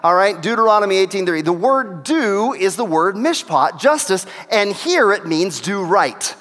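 High-voiced pastor in a reverberant hall. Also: male voice, very animated, normal speed, a bit bright. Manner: conversational, repeats key phrases for emphasis. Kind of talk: teaching sermon. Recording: long reverb of a large hall.

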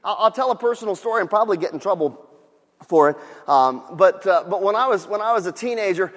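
A male pastor with a very high voice delivers an animated sermon. He swings from loud outbursts to quiet storytelling. The room has a long, ringing reverb. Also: quick pace.

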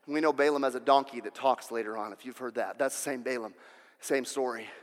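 A male preacher retelling a story in a sermon, restarting words and rising to shouted climaxes. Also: mid-range voice, quick pace, in a large hall. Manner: restless, repeats words, builds to shouting.

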